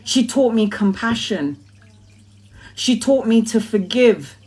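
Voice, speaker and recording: Blunt, swearing woman, higher voice. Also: expressive, slow, darkish tone, slightly rough. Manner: blunt, profane and emphatic. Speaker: tarot reader. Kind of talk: casual spiritual monologue.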